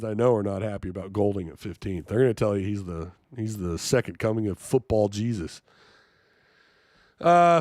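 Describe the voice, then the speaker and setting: A man's voice: mid-range voice, no echo, studio quality. A man hosting a live-streamed sports talk show, reading chat and reacting in an incredulous, jokey way.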